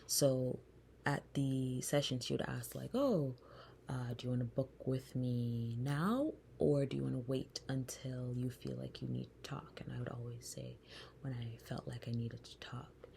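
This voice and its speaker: A woman hosting a podcast, telling a personal story in a soft, slow, reflective way that often turns breathy. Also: rumbling low, fairly even intonation, slight background noise. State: close to tears. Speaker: podcast host.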